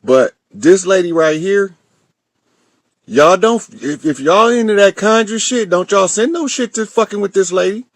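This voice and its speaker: A man with a Southern US accent talks casually and bluntly, full of slang and cursing. His voice sits a little high for a man and sounds dry and close. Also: normal speed, no room sound. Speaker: host. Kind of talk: commentary on a played clip.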